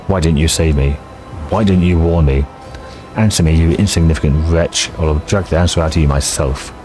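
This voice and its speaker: A man's voice: very deep voice, fairly quick, soft background music. A man reading aloud the lines of a cruel dead woman captain returned as a spirit, in a plain reading voice. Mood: accusing. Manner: read aloud flatly from game text.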